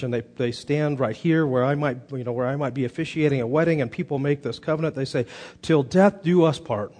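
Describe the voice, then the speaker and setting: A man's voice: medium pitch, darkish tone. A man in his thirties preaching a sermon as pastor, telling stories earnestly with frequent restarts.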